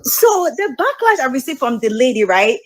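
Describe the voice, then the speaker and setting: A woman calling in to a dating show, insistent and defensive, rushing her words in bursts with restarts. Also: high voice, very animated, roomy sound. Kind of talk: defensive live-stream call.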